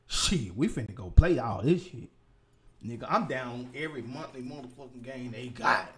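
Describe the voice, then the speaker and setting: A young man rants in a casual gaming vlog. His pitch swings wide, jumping from low grumbles to high outbursts. He is profane and animated, with sudden loud bursts. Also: normal speed. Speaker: gaming vlogger.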